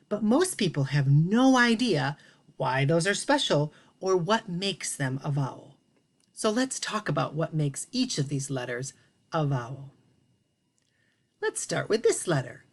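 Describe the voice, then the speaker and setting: A woman teaching a children's phonics lesson in an animated, encouraging way, drawing out each sound. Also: deep voice. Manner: sing-song, animated, encouraging with drawn-out sounds.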